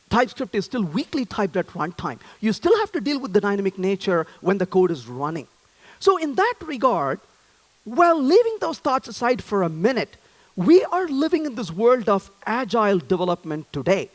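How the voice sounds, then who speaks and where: Guy giving a tech conference talk, pitch jumps all over, jokey and animated. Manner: lively, joking, asks the audience questions. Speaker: conference speaker.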